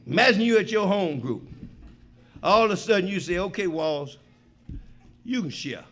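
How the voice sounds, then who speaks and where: A middle-aged man speaks at a recovery meeting in a high voice. He tells his story with street slang and plenty of swearing, booming on the punchlines and dropping low and quiet in the reflective stretches. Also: moderate pace. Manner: animated storyteller, swings between loud punchlines and quiet reflection. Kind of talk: personal recovery share. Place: meeting hall before an audience.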